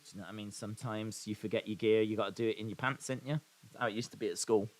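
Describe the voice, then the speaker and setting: A man with a lowish voice and flat delivery races through a live watch-along of wrestling, calling the action and reading out viewer comments with dry, sarcastic humour. He is the stream's host.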